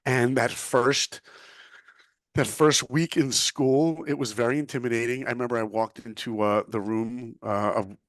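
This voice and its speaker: A middle-aged man telling his story as an interview guest, emphatic and animated, acting out what others said. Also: mid-range voice, normal speed, no room sound, studio quality. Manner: animated, emphatic, acts out quotes. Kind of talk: motivational storytelling.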